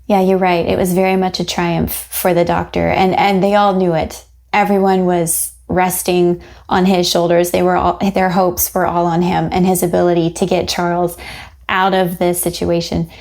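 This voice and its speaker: A woman co-hosting a book podcast, talking casually and acting out scenes with lively shifts in her voice. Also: moderate pace, gravelly. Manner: animated, acts out quotes with rising pitch and laughs. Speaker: podcast co-host.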